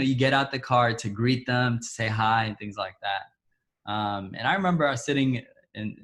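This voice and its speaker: Man telling a story, hesitant. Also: mid-range voice. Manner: hesitant, full of fillers and restarts. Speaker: church guest speaker. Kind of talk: personal storytelling.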